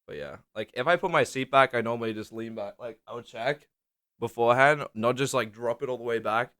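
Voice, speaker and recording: A man's voice: medium pitch, a little fast, fairly bright tone, dry recording, studio quality. A young man telling rambling, swear-laden travel stories to camera in a casual vlog, leaning hard on "like". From Australia. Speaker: vlogger. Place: small indoor room under a lamp.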